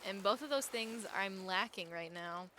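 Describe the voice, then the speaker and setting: A young woman chatting casually with her viewers as a live streamer, chatty and quick to get excited, laughing often. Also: mid-range voice, slight background noise.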